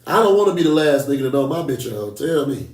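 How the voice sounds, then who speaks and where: A man in a podcast panel chat, talking casually with lots of slang and quick asides. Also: medium pitch, sing-song, a crowd in the background. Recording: echoey room, far from mic.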